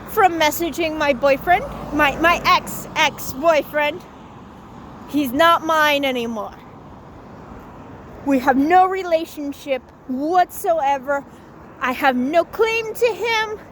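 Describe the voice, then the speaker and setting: A woman's voice: very high voice, fairly bright tone, a little hiss or hum. A young woman vlogger telling a rambling casual story, saying "like" a lot and swearing casually.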